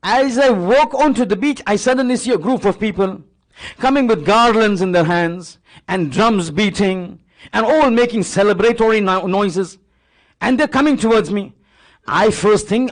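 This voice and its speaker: A man's voice: sits high, expressive, moderate pace. A man giving a sermon, retelling a religious story with dramatic repetition and acted-out dialogue. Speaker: religious speaker.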